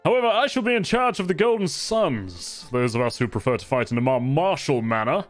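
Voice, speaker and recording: A man's voice: medium pitch, sing-song, fairly quick, soft background music, close to an everyday voice. A man playing a cheerful, boastful male marshal in shining plate armor, with a jovial, theatrical, teasing way of talking.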